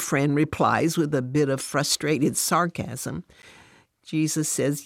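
A woman narrating a devotional story in a steady, measured way. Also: sits low, no room sound, clean studio sound.

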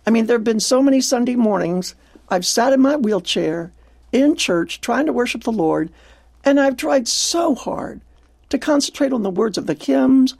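An older woman with a husky, gravelly voice hosts a devotional radio program. Her tone is mellow and dark, earnest and reflective. The studio sound is dry and close. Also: fairly high pitch, expressive, moderate pace, dry recording. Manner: earnest, reflective, quotes scripture.

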